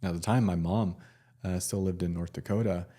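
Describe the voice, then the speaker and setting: A man, a nurse, telling a personal story in a casual, halting way with many fillers and restarts. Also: low-pitched, fairly even intonation, warm tone.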